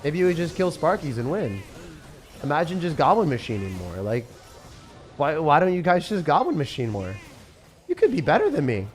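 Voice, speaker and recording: Excitable young man commentating gameplay. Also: fairly high pitch, moderate pace. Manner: excitable, sarcastic, mocking complaints. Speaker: game streamer. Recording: faint music behind.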